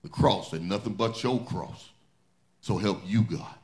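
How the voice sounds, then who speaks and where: A man's voice: fairly low pitch, measured pace, darkish tone. A male pastor preaching a sermon, building intensity through repeated refrains.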